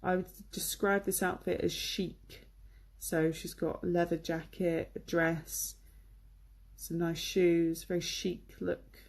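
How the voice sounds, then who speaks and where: A woman's voice: lowish voice, flat delivery, slow pace, vocal fry. A woman from England giving a chatty, enthusiastic online English lesson, with many fillers, on a computer microphone. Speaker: English teacher.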